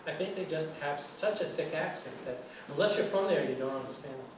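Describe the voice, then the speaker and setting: An older man with a New York accent, a guest lecturer answering student questions in a relaxed, rambling way with fillers and restarts. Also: a little high, fairly quick. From New York City. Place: large lecture room. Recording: echoey room, far mic, faint noise.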